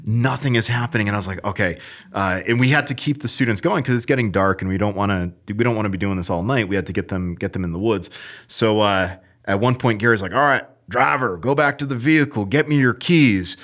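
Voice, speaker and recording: A man with a fairly low voice tells a training story in a relaxed chat. He speeds up and acts out the lines people said. He sounds like a firearms instructor talking shop with a colleague. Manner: animated, fast storytelling with acted-out quotes.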